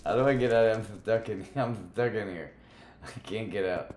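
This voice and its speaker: Playful low-voiced male streamer. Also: moderate pace, a little mellow, slight background noise. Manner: playful, teasing, chatting with viewers. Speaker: livestreamer. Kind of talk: casual gaming livestream chat. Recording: roomy echo with faint music.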